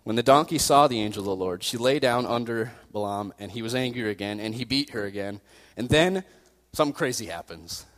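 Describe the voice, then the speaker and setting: A man's voice: mid-range voice, animated, a little fast, fairly bright tone. A young male youth pastor preaching a sermon by retelling a story in a casual, self-deprecating way. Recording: long reverb in a hall.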